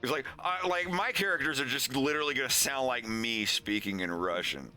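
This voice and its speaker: A man's voice: medium pitch, a little fast, sharp tone, faint music behind. A man hosting a casual livestream, chatting in a rambling way with frequent laughs. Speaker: animator and show host.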